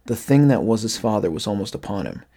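A man reading a horror story aloud in a measured, somber way. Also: fairly low pitch, lively intonation, warm tone, husky. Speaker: narrator. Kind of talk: scripted horror narration.

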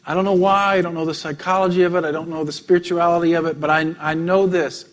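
A man, a pastor, preaching a sermon, telling stories with frequent light laughs and drops to a soft, intimate tone. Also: on the high side, level tone, quick pace.

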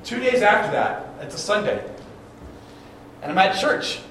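A man preaching a sermon as a pastor, telling stories in an animated way and acting out the dialogue with stammered restarts. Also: sits high, measured pace. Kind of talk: storytelling sermon. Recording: very echoey room, distant mic, background noise.

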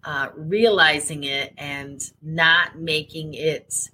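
Woman podcast co-host, low bright voice, blunt and emphatic, chatty with fillers. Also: fairly even intonation, slow pace, slight background noise, low-quality recording. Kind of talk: casual podcast conversation.

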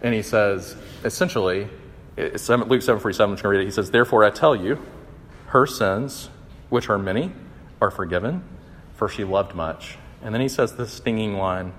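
A young man giving a conversational, animated sermon, acting out the quotes. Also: lowish voice, normal speed, a little hiss or hum. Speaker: campus minister. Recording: long hall reverb.

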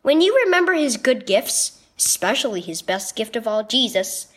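Woman narrator, children's devotional, expressive storytelling, fairly high, lively pitch. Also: normal speed. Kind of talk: scripted children's devotional reading.

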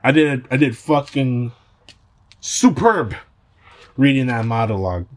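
A man's voice: medium pitch, moderate pace. A man hosting a podcast, talking casually in a brash, boastful and profane way. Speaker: podcast host.

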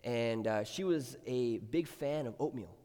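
A man's voice: medium pitch, a little slow, warm tone. A middle-aged man preaching a sermon as pastor, chatting with the congregation, then building to emphatic exhortation. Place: church sanctuary. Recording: long reverb of a church hall.

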